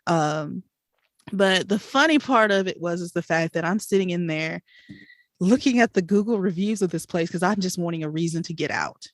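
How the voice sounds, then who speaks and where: A woman co-hosting a podcast, telling a story in an animated, chatty way with laughs and fillers. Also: on the low side, moderate pace, no room sound, clean studio sound. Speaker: podcast co-host. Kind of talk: casual storytelling chat.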